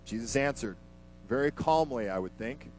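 A man's voice: medium pitch, lively intonation, normal speed, soft background music, rough recording. A man preaching a sermon in a conversational, emphatic way, vividly retelling a scripture passage.

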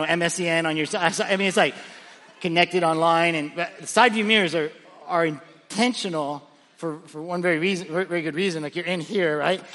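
A man preaching a sermon as pastor, energetic and storytelling, often repeating words as he restarts his thoughts. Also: fairly high pitch, in a large hall, slight background noise. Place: large church auditorium.

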